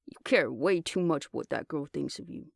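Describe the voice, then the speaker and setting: A man voicing a cocky, teasing young male survivor who talks bluntly, with a gravelly edge. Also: on the high side, animated, normal speed, no room sound, studio quality.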